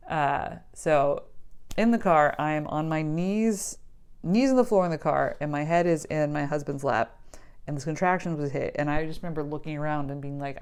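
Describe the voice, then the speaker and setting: A young woman with a low voice tells a personal story to camera in a loose, chatty way. She laughs easily and scatters "like" through her sentences. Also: moderate pace, darkish tone, smooth. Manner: chatty, laughs often, many "like" fillers. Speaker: vlogger telling her birth story. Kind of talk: casual storytelling.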